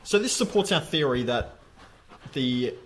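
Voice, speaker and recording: A man's voice: mid-range voice, lively intonation, measured pace, fairly bright tone, slight background noise. A man co-hosting a podcast, recounting the plot step by step with dry understatement in casual chat. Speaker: podcast co-host. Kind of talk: casual episode recap chat.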